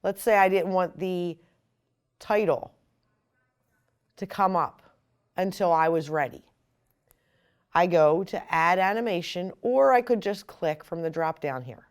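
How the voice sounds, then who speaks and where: A woman explaining software step by step in a screen-recorded tutorial. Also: lowish voice, measured pace, pauses often, clean tone. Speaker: software instructor.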